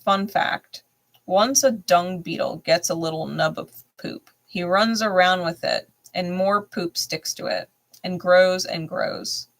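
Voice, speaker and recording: Gravelly-voiced woman hosting a tarot reading. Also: fairly low pitch, slow. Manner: blunt and profane, laughs often; emphatic, repeats phrases. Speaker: tarot reader and channel host.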